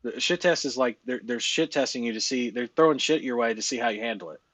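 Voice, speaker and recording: A man's voice: medium pitch, lively intonation, fast, fairly bright tone, no echo. A man coaching in a casual, blunt way. He swears a lot, laughs often and uses many fillers. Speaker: live-stream business coach.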